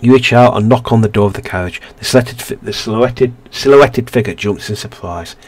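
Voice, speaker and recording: A man's voice: mid-range voice, brisk, darkish tone, dry recording. A man hosting a let's play, reading a narrative game's story aloud with frequent stumbles and restarts.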